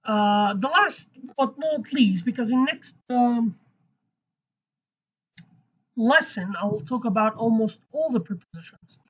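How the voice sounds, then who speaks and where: Husky-voiced woman teaching a casual lesson. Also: fairly high pitch, lively intonation, a little slow, long pauses. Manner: chatty, self-correcting, playful asides. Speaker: language teacher. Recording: dull lo-fi recording.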